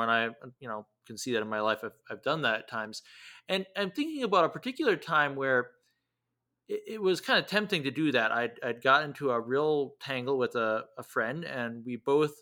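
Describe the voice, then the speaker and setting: A man hosting a conversation shares a personal story in a reflective, slightly hesitant way. His voice has a bright, forward edge. He restarts phrases as he gathers his thoughts. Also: medium pitch, expressive, fairly quick. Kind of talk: conversational interview.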